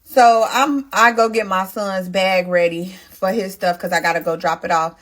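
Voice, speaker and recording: This is a woman talking through a personal storytime for her followers, casual and full of feeling. She speaks to the audience directly, animated and emotional as she relives each turn. Her voice sits at an ordinary middle pitch for a woman. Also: normal speed. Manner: emotional, animated retelling that addresses viewers directly. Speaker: storytime vlogger. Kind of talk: casual storytime narration to viewers.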